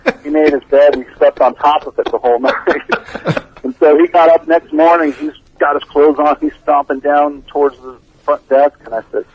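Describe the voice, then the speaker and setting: Laid-back man calling in over a lo-fi phone line, slightly husky. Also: on the high side, fairly even intonation, a little fast. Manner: laid-back storyteller, laughs often. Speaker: band bassist, interview guest. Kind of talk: casual phone interview. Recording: dull lo-fi phone call.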